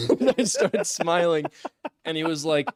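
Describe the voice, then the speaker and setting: A young man casually telling a funny story on a podcast, lively, acting out what others said and laughing often. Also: fairly high pitch, a little slow, dry recording, clean studio sound. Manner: animated, acts out quotes in voices, laughs often. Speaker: podcast co-host.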